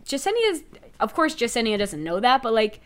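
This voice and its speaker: Young woman, podcast co-host, higher voice, chatty recap style. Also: a little fast. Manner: chatty, filler-heavy, animated retelling. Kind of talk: casual reality-show recap chat.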